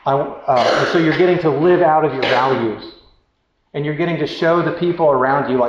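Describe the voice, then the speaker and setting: A man's voice: fairly high pitch, brisk. A man giving relationship advice through a casual, candid story, self-deprecating and rambling with many fillers. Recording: roomy, dull sound with faint noise.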